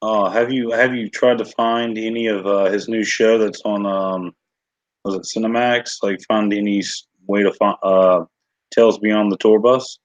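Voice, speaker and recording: Rambling low-voiced man on stream. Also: steady tone, a little slow, no echo, lo-fi sound. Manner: rambling, lots of fillers and restarts. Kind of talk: casual chat on a livestream.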